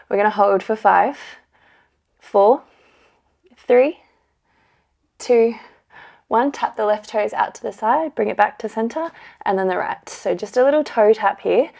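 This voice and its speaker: A woman's voice: medium pitch, unhurried, vocal fry, pauses often, a little mellow. A young woman leading a pilates class, coaching and counting down the reps, slightly out of breath. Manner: upbeat counting and coaching, with light laughs. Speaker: pilates instructor. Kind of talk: workout instruction.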